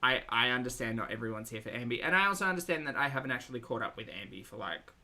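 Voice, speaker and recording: Wry Australian man, gravelly and bright. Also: mid-range voice, big pitch swings, racing. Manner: wry, sarcastic asides. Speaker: reaction streamer. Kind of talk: casual commentary to live chat.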